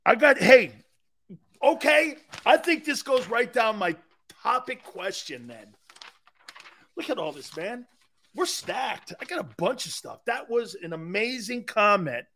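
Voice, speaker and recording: A middle-aged man hosts a sports talk stream. His voice sits high and sounds bright and forceful. He jumps from one viewer comment to the next, joking loudly. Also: unhurried, a little hiss or hum. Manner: animated, joking, jumps between chat comments. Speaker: sports talk show host. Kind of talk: live-stream sports talk, reading chat.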